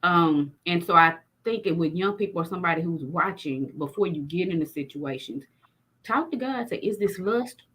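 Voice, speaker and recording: Husky middle-aged woman host, talks faith real frank and preachy. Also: lowish voice, lively intonation, moderate pace, fairly bright tone. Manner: frank, preachy, plain-spoken. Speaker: podcast host. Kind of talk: faith-based conversation.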